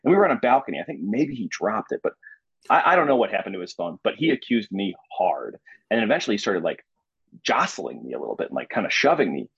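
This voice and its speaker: Husky-voiced man telling a story. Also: lowish voice, quick pace, no echo. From Illinois, US. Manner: animated, acts out quoted voices. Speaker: podcast guest. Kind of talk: casual storytelling chat. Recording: slightly muffled, dry recording.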